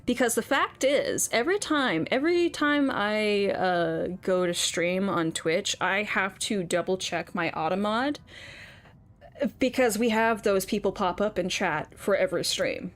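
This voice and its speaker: Slow-talking woman streamer, ranting. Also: mid-range voice. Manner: ranting, swears, laughs often. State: under the weather. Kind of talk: casual chat while gaming.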